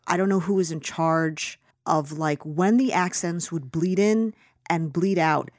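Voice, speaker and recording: A woman's voice: sits low, measured pace, dry recording. Woman, casual rant, filler-heavy, dry recording. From United States. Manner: animated, ranting, many fillers and restarts. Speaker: podcast co-host reviewing a film. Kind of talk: casual opinionated chat.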